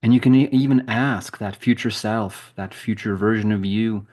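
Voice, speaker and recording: A man leading a group spiritual challenge, talking softly and slowly through a guided meditation over a video call. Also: lowish voice, fairly even intonation. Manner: soft, slow, soothing with long pauses.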